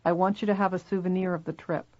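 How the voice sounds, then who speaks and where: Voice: medium pitch, flat delivery, fast, darkish tone, muffled recording, natural voice. A reader voicing a fragile, anxious suburban mother who speaks in a weak, terse way. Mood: weary. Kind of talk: audiobook reading.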